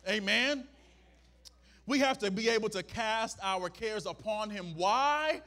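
A man's voice: high voice, slow, sharp tone. A male pastor preaching a sermon, repeating his points for emphasis and checking in with the congregation. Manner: preaching with emphatic repetition and "Amen?" asides to the congregation.

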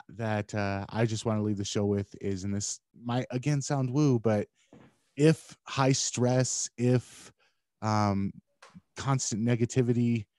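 Podcast co-host guy, mellow voice, dry close sound, thinks out loud with lots of pauses. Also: on the low side, dry recording. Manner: reflective, hesitant, with halting pauses. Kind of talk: casual podcast conversation.

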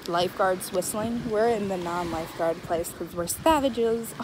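A woman's voice: mid-range voice, a little slow. Chatty young woman vlogging at a lake. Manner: chatty, giggly, self-mocking. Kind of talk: casual vlog chat to camera. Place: lake beach outdoors. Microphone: handheld camera. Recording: outdoor noise from waves and wind.

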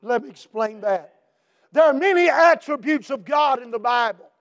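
A pastor with an unusually high voice delivers a sermon, driving his repeated refrains up into shouts and then easing back down. He is a middle-aged man preaching with fervent emphasis. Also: lively intonation, moderate pace.

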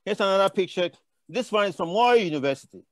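A man's voice: high voice, animated, fast talker, no room sound. An older man from Africa speaking on a conference panel, telling impassioned, rambling stories with frequent restarts. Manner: impassioned, digressive storytelling with many restarts.

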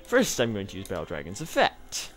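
A man's voice: fairly low pitch, wildly swooping pitch, a little fast, fairly bright tone, faint music behind. A man giving let's play commentary on a card game, trash-talking his opponent with mock anger and frequent laughs.

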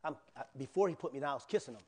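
A male pastor delivers a sermon from the pulpit of a church, his voice sitting a little high for a man. He tells a personal story with lively, animated storytelling, acting out cries for help and breathless relief before turning it into a lesson. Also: racing, a little hiss or hum.

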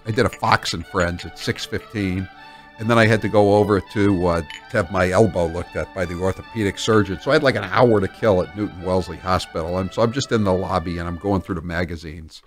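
A man's voice: low-pitched, a little fast, faint music behind. A man hosting a talk radio show in a studio, delivering a sarcastic, mocking monologue into a studio microphone.

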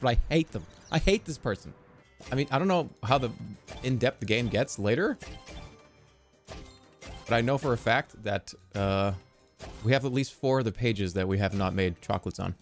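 A man streaming a game, talking in an excitable, joking, profane way. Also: mid-range voice. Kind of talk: casual gameplay commentary.

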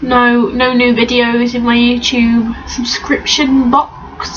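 A woman's voice: fairly high pitch, flat delivery, takes it slowly. A young woman, rambling casually in a home vlog and talking to her dog. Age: young adult. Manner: rambling, chatty, baby-talks to her dog. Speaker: vlogger. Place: at home, indoors. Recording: lo-fi, distant camera mic with faint room noise.

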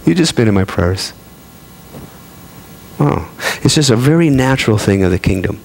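A male pastor delivers a sermon in an easy, conversational manner, breaking into playful asides. His voice sits very low and carries a gravelly rasp. A faint hiss stays under the recording. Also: expressive, normal speed, pauses often.

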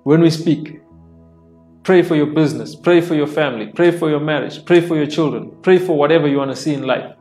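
Man preaching over soft worship music. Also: a little high, brisk. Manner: reads scripture aloud and explains it plainly; repeats phrases for emphasis. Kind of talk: sermon.

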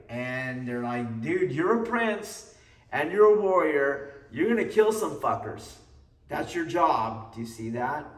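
A male aikido instructor talks informally to his class in a blunt, profane way. He keeps asking whether they see his point. His fairly high voice sounds echoey and far from the mic in a training hall. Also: a bit bright. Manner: checks in constantly with "do you see?". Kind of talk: informal talk to students. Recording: roomy echo, distant mic.

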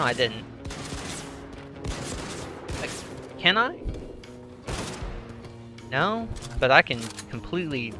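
A man giving excitable gameplay commentary, swearing and breaking into sudden yells. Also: on the high side. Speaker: gamer.

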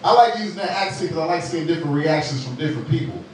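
A man's voice: a little high, expressive, racing. A man doing a stand-up comedy set in a club, teasing and talking directly to the crowd. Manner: playful, teasing, talks to the crowd. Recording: echoey club, distant mic, crowd noise. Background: audience laughter.

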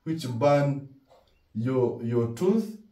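A man's voice: medium pitch, animated, drawn-out words, mellow. A man with a Ugandan accent giving a dental lecture, who asks rhetorical questions and answers them himself and repeats key words. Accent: Ugandan English. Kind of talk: classroom lecture. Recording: roomy echo, distant from mic.

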